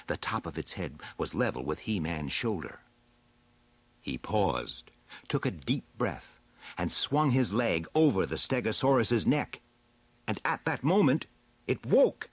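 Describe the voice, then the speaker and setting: A man narrating a children's adventure storybook aloud in an expressive, dramatic way. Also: on the low side, breathy edge, no echo. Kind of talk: storybook reading.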